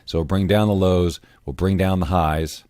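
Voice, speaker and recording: Male tutorial host, low voice, loose and conversational, dead-dry close recording. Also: steady tone, normal speed, darkish tone, no room sound. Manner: casual, self-correcting, clears throat often. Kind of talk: screen-recorded software tutorial.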